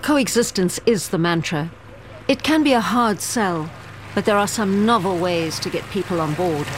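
A woman reporter narrates in a steady, measured voice. Her delivery is scripted and clear, with clear noise behind her. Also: mid-range voice.

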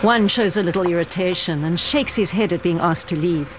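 A woman narrating a news report in a measured, scripted way. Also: lowish voice, background noise. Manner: measured, clear storytelling.

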